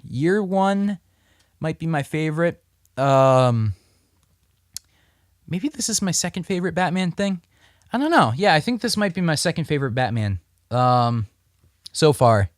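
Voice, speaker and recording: A man's voice: fairly high pitch, dry recording, clean studio sound. A man casually reviewing comic books on his vlog, rambling and throwing in crude jokes. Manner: rambling, joking, crude asides.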